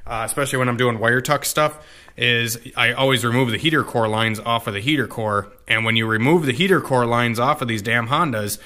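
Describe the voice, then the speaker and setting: A young man talks through wiring and transmission work in his home garage. His voice is bright and forceful, and his speech is loose and rambling, full of fillers and cursing. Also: mid-range voice, fairly quick. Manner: rambling, profane, many fillers. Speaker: car tuning vlogger. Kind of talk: casual garage walkthrough.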